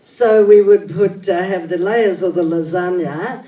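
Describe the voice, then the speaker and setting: Older lady telling stories all lively and theatrical, roomy hall sound, mic kinda far. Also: fairly low pitch, unhurried, highs cut off. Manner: animated, theatrical storyteller. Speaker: interview guest. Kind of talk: live on-stage interview. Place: event venue with audience. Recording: echoey hall, mic at a distance.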